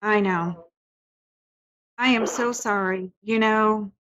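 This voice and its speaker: A woman's voice: mid-range voice, takes it slowly, fairly bright tone, slight background noise, low-quality recording. A woman hosting a call-in psychic reading, talking in a soothing, reassuring way with many fillers and restarts. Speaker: psychic medium host.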